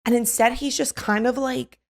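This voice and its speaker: A young woman co-hosting a podcast, telling a story in a casual chat, animated, acting out quotes, with lots of "like". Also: on the high side, normal speed, vocal fry. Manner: animated, acts out quotes, filler "like". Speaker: podcast co-host.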